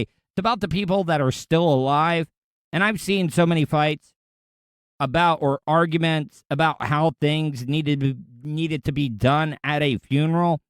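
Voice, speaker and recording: A man talks through a casual monologue in a smooth, clean voice that sits a bit high. The sound is close and dry, and he speaks bluntly and candidly. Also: dry recording. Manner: blunt, profane, candid storytelling. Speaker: podcast host.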